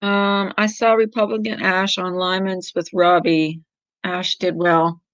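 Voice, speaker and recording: A middle-aged woman chats with her livestream viewers, rambling from one thing to the next and laughing often. Her voice is bright and sharp. The sound is dry and dull, like a cheap webcam microphone. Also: lowish voice, little pitch movement, unhurried, no echo. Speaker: livestream host. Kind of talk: casual chat with viewers.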